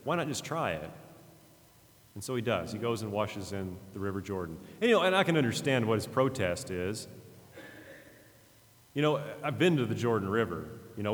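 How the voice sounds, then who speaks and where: A man with a fairly low voice gives a sermon, talking earnestly and casually as he retells a scripture story. His words ring out with a long hall reverb, the sound of a church. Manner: conversational, earnest, with frequent fillers and restarts. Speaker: pastor.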